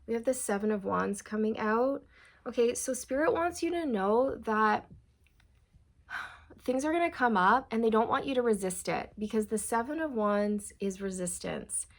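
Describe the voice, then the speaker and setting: Gravelly-voiced woman doing a tarot reading. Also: on the high side, animated, moderate pace. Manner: meandering, reassuring, addresses viewers as you guys. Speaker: tarot reader.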